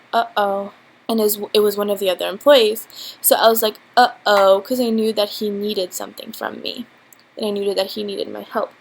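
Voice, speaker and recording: A young woman with a mid-range, slightly breathy voice tells a storytime vlog at home, speaking into her laptop's built-in mic. She rambles and giggles, using lots of fillers, and the recording quality is low.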